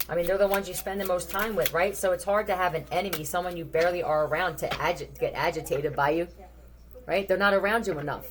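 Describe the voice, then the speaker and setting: A woman's voice: lowish voice, fairly even intonation, quick pace. A woman giving a casual tarot reading, thinking aloud in a blunt, profane way. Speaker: tarot reader.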